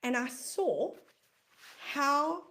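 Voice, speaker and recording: A woman's voice: sits high, expressive, drawn-out words, pushed and bright. A woman with a South African accent, giving a motivational talk as a business coach and comedian, emphatic and repeating phrases for weight.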